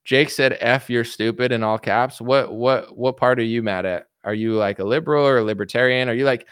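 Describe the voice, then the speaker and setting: A man's voice: mid-range voice, fairly quick, hardly any pauses, fairly bright tone, clean tone, no echo, clean studio sound. A man ranting casually on a livestream, reading out and answering chat comments with lots of fillers and restarts. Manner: rambling, filler-heavy, frequent restarts. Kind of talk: casual political rant.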